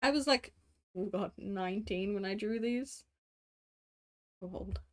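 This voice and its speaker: A woman's voice: mid-range voice, measured pace. An Australian woman in her late twenties, streaming casual chat while drawing, rambling with many fillers, casual swearing and frequent laughs. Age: late 20s.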